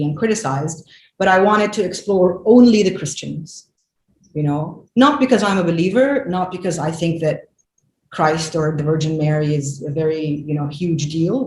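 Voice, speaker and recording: A woman in her forties, a filmmaker guest, talks in an animated, emphatic way, with many fillers and restarts. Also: sits low. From Lebanon. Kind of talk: conversational interview. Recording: echoey room with faint noise.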